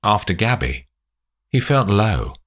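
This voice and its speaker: A man narrating a spy story aloud in a slow, expressive way. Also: lowish voice. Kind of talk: audiobook narration.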